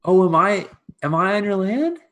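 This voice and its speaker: A man's voice: high voice, sing-song, moderate pace, pitched above the performer's own voice. Man playing Cinna, flustered servant girl. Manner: flustered, stammering, pleading. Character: nervous young woman servant, Cinna.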